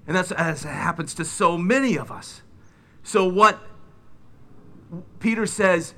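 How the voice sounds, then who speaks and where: A middle-aged man preaching a sermon, retelling biblical scenes with lively, dramatic delivery. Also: a little high. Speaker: pastor.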